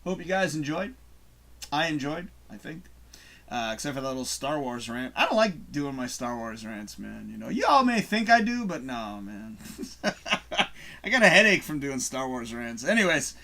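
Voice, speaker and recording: A man's voice: mid-range voice, sing-song, normal speed, bright, forceful tone. A man hosting a live online talk show in a loose, chatty way, laughing often and reading viewer comments aloud. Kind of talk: casual live-stream chat.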